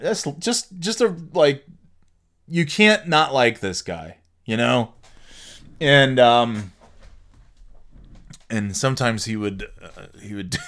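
Man, middle-aged, podcast host, casual rambling chat, mid-pitched voice, casual swearing. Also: pushed and bright. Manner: rambling, self-interrupting, laughs often, swears casually.

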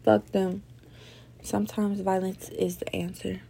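A young woman chatting alone on her podcast, her voice gravelly with fry. She rambles loosely, swears freely and sounds drowsy between yawns. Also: medium pitch, little pitch movement, measured pace, mellow. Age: young adult. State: sleepy, yawning. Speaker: podcast host. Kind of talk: casual solo podcast chat.

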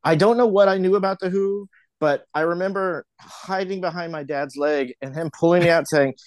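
Man, middle-aged, interview guest, animated storyteller, slightly high pitch, dry sound. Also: moderate pace, no room sound. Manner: animated anecdotes, acts out quoted voices. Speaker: filmmaker guest.

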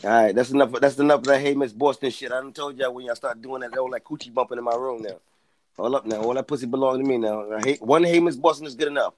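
A man's voice: mid-range voice, steady tone, quick pace. A man hosting an online voice chat room, scolding and bossing the other speakers in a profane, casual way. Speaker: host.

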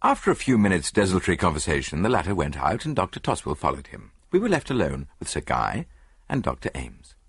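A man narrates an audiobook in a husky, fairly low voice. His intonation rises and falls widely, and the recording is close and dry with no room sound. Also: sing-song, no echo. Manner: measured first-person storytelling. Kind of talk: scripted narration.

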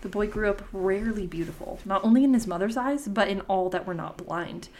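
A woman's voice: medium pitch, a little fast, a little mellow. A woman hosting a podcast, reading old-fashioned folktale prose aloud and breaking off now and then for casual, swearing asides.

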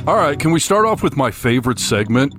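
A man co-hosting a casual talk show from a room at home, easygoing and quick to laugh along with the banter. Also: medium pitch, sing-song, music in the background. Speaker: podcast co-host. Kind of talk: casual chat.

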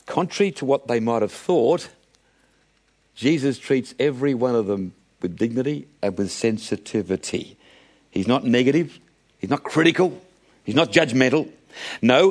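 A middle-aged man with a mid-range voice preaches a sermon, addressing his listeners as friends. He acts out the voices of Bible characters.

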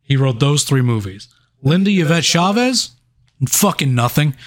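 A man's voice: on the high side, big pitch swings, a little slow. Man, podcast co-host, casual movie review chat, swears a lot, jokey. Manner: laughing, profane, joking.

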